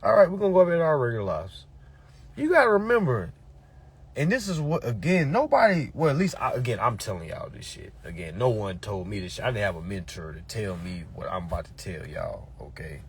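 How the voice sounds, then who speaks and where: Husky, lively motivational man. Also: fairly low pitch, fairly quick. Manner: emphatic, repetitive, peppered with "all right?" and profanity. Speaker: motivational speaker. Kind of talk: preachy motivational talk to followers.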